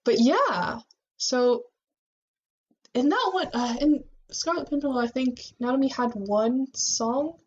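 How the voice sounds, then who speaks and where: A woman co-hosting a casual fan podcast, talking in an animated way with frequent laughs and fillers. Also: sits high, slow. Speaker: podcast co-host. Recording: muffled lo-fi sound.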